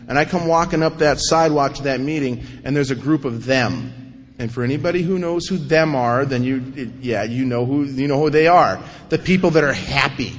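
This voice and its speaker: A man speaking at a recovery meeting, telling his own story with wry, animated humor and acting out the scenes. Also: mid-range voice, a little hiss or hum. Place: large meeting hall before an audience. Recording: long hall reverb.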